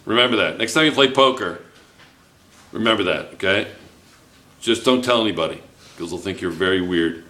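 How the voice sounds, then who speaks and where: Man chemistry teacher, bright voice, joking, questioning students, roomy classroom echo. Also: fairly low pitch, normal speed, long pauses. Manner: playful, joking with students, asks lots of questions. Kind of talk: classroom lecture. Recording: echoey classroom.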